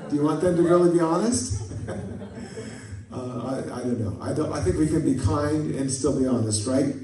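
A male pastor delivers a folksy sermon, trading jokes and little stories and asking for amens. His voice sits a bit high. He is picked up from a distance in a church with heavy echo. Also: moderate pace, a crowd in the background. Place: church sanctuary. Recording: echoey church from a distant mic.

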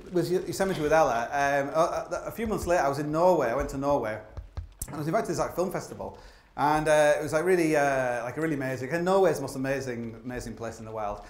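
A man's voice: on the high side, echoey room, a little hiss or hum. A man telling stories to a live theatre audience, self-deprecating and full of restarts. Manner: rambling, self-deprecating, many restarts and laughs. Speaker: climber telling stories on stage. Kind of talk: live comedic storytelling talk. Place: theatre stage before an audience.

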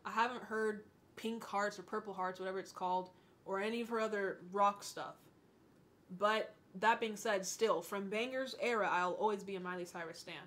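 A woman in her twenties hosting a casual music reaction, gushing and excitable, swearing when she gets worked up. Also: medium pitch, moderate pace. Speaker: music reaction channel host.

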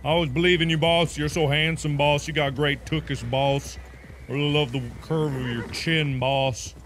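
A man's voice: on the high side, fairly even intonation, moderate pace, fairly bright tone, a little hiss or hum, pitched below the performer's own voice, close to an everyday voice. A man voicing a fawning, dim-witted male outlaw lackey who murmurs praise in broken grammar.

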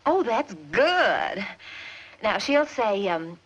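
A teasing, bossy wife. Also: female voice, fairly high pitch, sing-song, drawn-out words, exaggerated voice. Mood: playful coaxing. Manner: teasing, insistent, directs her husband. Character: playful coaxing wife staging a pretend scene. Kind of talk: 1940s screwball film acting. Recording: dull old film soundtrack with hiss.

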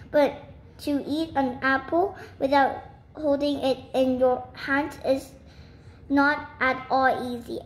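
A woman reading a children's storybook aloud, carefully, with small slips now and then. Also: high-pitched. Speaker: reader. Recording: echoey room, faint noise.

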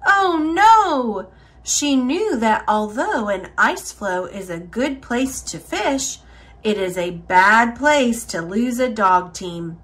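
Here the storybook reader has a mid-range voice, sharing a children's picture book in a deliberate and expressive way.

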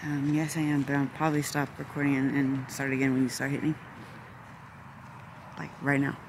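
A woman's voice: very deep voice, completely flat delivery, fairly quick, noisy background. A woman filming on a golf course with a handheld phone, chatting and narrating the shots to the camera. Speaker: girlfriend filming. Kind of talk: casual play-by-play narration.

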